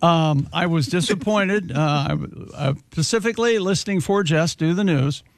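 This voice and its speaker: A man's voice: fairly high pitch, normal speed, no room sound. A man co-hosting a radio show, bantering and telling jokes. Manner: joking, playful.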